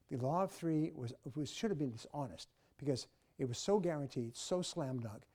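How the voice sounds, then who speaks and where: An older man telling motivational stories, emphatic and animated, mimicking office chatter. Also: on the high side. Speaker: speaker. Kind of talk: motivational storytelling.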